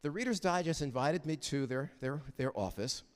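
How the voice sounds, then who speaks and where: An older man giving a heartfelt, storytelling chapel talk at a university, animated and prone to halting restarts. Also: a little high. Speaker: guest chapel speaker. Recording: reverberant chapel hall.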